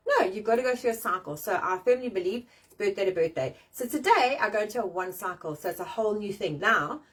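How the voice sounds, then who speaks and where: A middle-aged live chat show host talks fast in a medium-pitched voice with a breathy edge, standing outdoors in the rain and far from the mic. Her casual stream is full of animated rants, jokes, blunt remarks and plenty of cursing.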